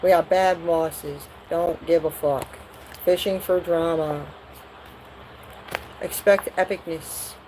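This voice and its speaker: A woman's voice: lowish voice, steady tone, takes it slowly, long pauses, warm tone, a little hiss or hum, low-quality recording. A woman doing a live tarot reading, talking bluntly and profanely in a rambling way. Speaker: tarot reader.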